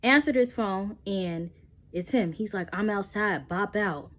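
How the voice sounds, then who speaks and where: A young woman, telling a personal story in a casual storytime and acting out the voices with sudden jumps in pitch. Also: unhurried. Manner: animated, acts out quotes with pitch jumps.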